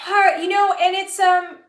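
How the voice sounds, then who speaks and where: A woman's voice: extremely high pitch, level tone, slow, echoey room, a little hiss or hum. A woman hosting a live-stream talk as a spiritual business coach, speaking earnestly with many fillers and repeated phrases.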